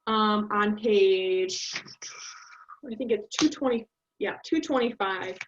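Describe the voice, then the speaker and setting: A woman's voice: mid-range voice, slow, slight background noise. Casual young woman presenting, lo-fi sound. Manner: casual, thinking aloud with many ums. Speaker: student presenter. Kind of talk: recorded class presentation. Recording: dull lo-fi audio.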